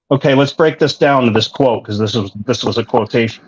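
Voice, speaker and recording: A man's voice: mid-range voice, a little fast, breathy edge, dull audio. A man co-hosting a casual commentary chat, talking in an indignant, rambling way with many restarts. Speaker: co-host.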